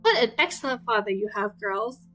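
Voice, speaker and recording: A woman voicing a fretful, excitable middle-aged mother, complaining in a shrill, fussy way. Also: normal speed, faint music behind, rough recording. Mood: fussing.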